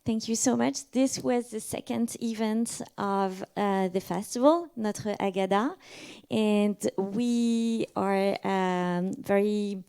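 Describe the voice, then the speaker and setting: A woman's voice: medium pitch, mellow, smooth. A woman closing an event as moderator, hesitating with fillers. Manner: halting, many fillers. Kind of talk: closing announcements.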